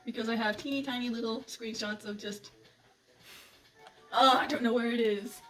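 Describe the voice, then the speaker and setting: A woman's voice: on the high side, normal speed, faint music behind. A young adult woman gushing and giggling as she rants about books she loves in a casual vlog. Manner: gushing, giggly, animated retelling. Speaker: book vlogger. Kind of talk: excited casual book rant. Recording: slightly distant mic with faint background noise.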